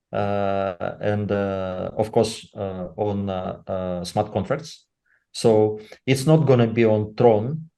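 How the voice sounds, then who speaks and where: A man speaking unscripted on a webinar, halting and filling pauses with "uh" and asking "right?" again and again. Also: fairly low pitch, dark tone. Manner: halting, full of "uh" and tag "right?". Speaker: company leader speaking on a webinar.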